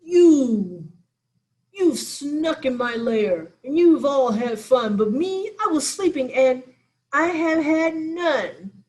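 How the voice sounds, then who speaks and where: A woman's voice: sits high, lively intonation, takes it slowly. A woman acting a big grumpy bear. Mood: aggrieved. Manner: loud, complaining.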